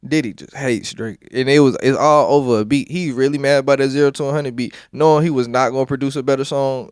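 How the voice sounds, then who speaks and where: A man's voice: medium pitch, quick pace, few pauses, clean tone, no room sound, clean studio sound. A man podcast hosting, reading out a trial transcript line by line and breaking off into blunt, profane commentary. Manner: reads both sides of an exchange aloud, then breaks into blunt profane asides. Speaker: podcast host.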